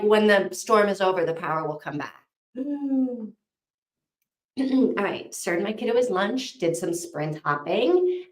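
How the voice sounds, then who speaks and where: Chatty woman host in an echoey room. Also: mid-range voice. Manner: chatty and rambling, with frequent fillers. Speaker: host of a reading sprint stream. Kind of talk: casual chat, reading out chat comments.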